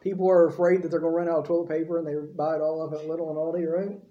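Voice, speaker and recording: A man's voice: on the high side, little pitch movement, very fast, mellow, echoey room, highs cut off. A man preaching a sermon in a folksy, conversational way, with frequent asides to the congregation.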